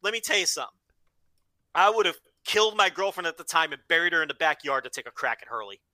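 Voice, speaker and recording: A man's voice: a little high, sing-song, fast talker, sharp tone, no room sound. A man co-hosting a podcast in loose, profane, joking chat. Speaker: podcast co-host. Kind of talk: casual chat.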